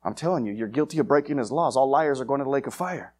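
A man preaches a fiery, confrontational evangelistic sermon, swinging between loud, urgent lines and hushed ones. His medium-pitched voice is expressive and slightly rough, and he talks fast.

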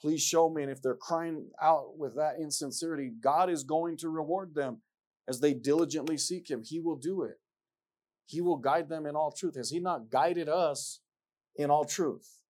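A man's voice: fairly high pitch, moderate pace, a little mellow. A man preaching a sermon, reading scripture aloud and pressing his points with repetition and rhetorical questions. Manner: emphatic, repeats lines, asks rhetorical questions; reads scripture aloud in King James wording.

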